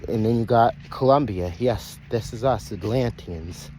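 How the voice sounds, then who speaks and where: A man's voice: lowish voice, measured pace, few pauses, a little mellow, slight background noise. Rambling male preacher-style vlogger. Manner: rambling, repeats phrases, self-interrupts; calls out to listeners as brothers and sisters. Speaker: online speaker addressing followers. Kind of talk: loose preaching monologue.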